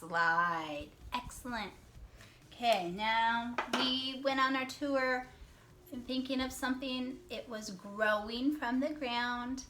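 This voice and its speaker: A woman teacher giving a reading lesson to young children. She talks slowly, draws out words to count syllables, praises answers, and sometimes whispers. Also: high-pitched, fairly even intonation, fairly bright tone, a little hiss or hum. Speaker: classroom teacher.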